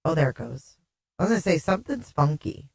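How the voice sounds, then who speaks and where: A woman's voice: sits low, very animated, brisk, vocal fry, breathy edge. Chatty woman streamer with warbly echoey sound. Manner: chatty, reads viewer comments aloud, laughs often. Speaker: livestream host. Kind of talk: casual livestream chat.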